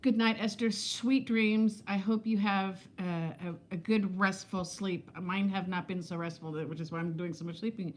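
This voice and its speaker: A woman's voice: mid-range voice, steady tone, moderate pace, hardly any pauses, a little hiss or hum. A woman in her fifties chatting casually on a home live stream, laughing often as she answers viewer comments. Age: 50s. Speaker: vlog host reading live chat. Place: home, indoors.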